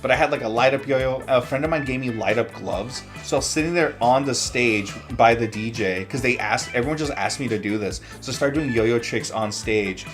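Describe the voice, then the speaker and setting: A man's voice: medium pitch, brisk, few pauses, a bit bright, faint music behind. A young adult man, a streamer, telling rambling stories in casual chat while playing a game, with many "like" fillers. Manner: rambling storyteller, heavy use of "like".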